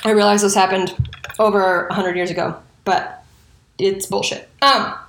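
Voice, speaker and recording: A woman's voice: medium pitch, fairly even intonation, normal speed, fairly bright tone, roomy sound, slight background noise. A woman telling a history story in a casual, profane way, with indignant and sarcastic asides. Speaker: true crime storyteller.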